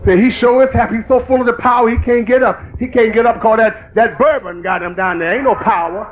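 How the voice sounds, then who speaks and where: A man preaching a fiery sermon that rises into shouting. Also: very high voice, fast talker. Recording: tinny lo-fi recording with faint hiss.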